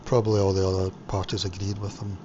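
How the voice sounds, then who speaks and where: A man's voice: low-pitched, completely flat delivery, fast talker. A man from Scotland chatting casually on his vlog while cooking, rambling with lots of fillers. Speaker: vlogger. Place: home kitchen. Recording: lo-fi home recording with background noise.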